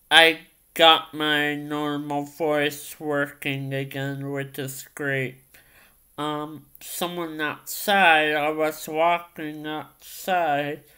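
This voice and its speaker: Brief: male vlogger, crisp bright tone, halting, full of ums, very slow. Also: on the high side. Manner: hesitant, many ums and repeated phrases. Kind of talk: casual vlog storytelling.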